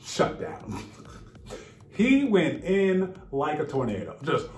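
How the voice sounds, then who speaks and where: A man's voice: a little high, takes it slowly, reverberant, a little hiss or hum. A man vlogging casually, telling a story with laughter and acting out what people said. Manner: animated, laughing, acts out quotes.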